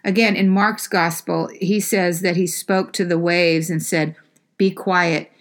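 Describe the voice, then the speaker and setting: A woman's voice: fairly low pitch, steady tone, a little slow. A woman preaching a sermon in a conversational way, with frequent fillers and restarts.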